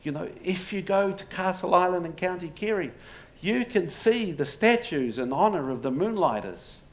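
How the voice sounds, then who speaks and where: Before a live audience in a pub, a man delivers a public lecture of stories laced with wry humour and rhetorical questions. He speaks at normal speed in a high voice with lively intonation, and audience laughter plus faint room noise are audible.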